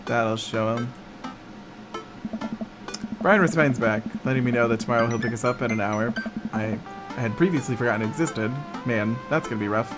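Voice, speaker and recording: A man's voice: medium pitch, normal speed, long pauses, music in the background. Young man reading a game aloud. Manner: casual, profane, joking. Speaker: gaming YouTuber. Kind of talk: reading a visual novel aloud with commentary.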